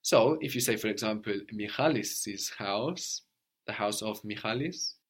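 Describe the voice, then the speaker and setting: A man teaching a language lesson, patiently modeling phrases slowly and coaxing his student. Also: fairly low pitch.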